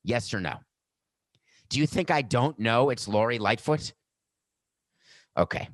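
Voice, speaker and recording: A man's voice: medium pitch, unhurried, dry recording. A middle-aged man hosting a sports podcast, ranting sarcastically and mocking statements in a dry studio. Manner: sarcastic, animated rants with mock quotes. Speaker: podcast host. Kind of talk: opinionated sports commentary. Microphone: studio microphone with earpiece.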